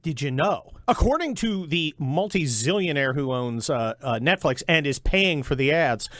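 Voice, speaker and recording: Middle-aged male radio host, animated and sarcastic, dry studio sound. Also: a little high, moderate pace, few pauses, dry recording. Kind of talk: talk radio monologue.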